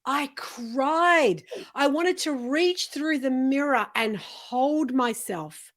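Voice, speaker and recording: Chatty woman host, higher voice, does little soft voices for quotes. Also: takes it slowly. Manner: expressive, acts out quotes in a softer voice. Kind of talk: heartfelt interview conversation.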